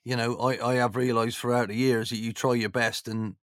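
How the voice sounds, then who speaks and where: A man's voice: medium pitch, flat delivery, a little fast, no echo, clean studio sound. A man, a former football manager, chatting in an interview, rambling and jokey with lots of "you know"s. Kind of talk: casual storytelling chat.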